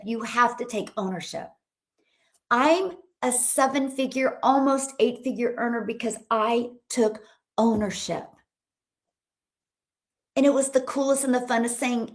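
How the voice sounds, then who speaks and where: Bubbly motivational woman coach, livestream. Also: fairly high pitch. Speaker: online business coach hosting a livestream. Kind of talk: upbeat livestream talk reading viewer comments.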